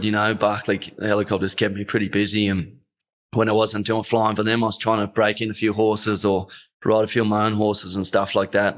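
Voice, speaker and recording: This interview guest is a young man from Australia's Northern Territory with a lowish, slightly bright voice. Choked up and voice catching, he rambles through a heartfelt story in casual conversation, leaning on plenty of fillers.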